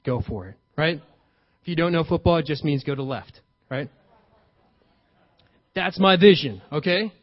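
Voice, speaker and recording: A fairly high-voiced man delivers a sermon to a live congregation. He keeps it conversational, checks in with the crowd and builds to loud, emphatic high points. The recording is dull and muffled. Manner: conversational preaching, checks in with "right?". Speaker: pastor.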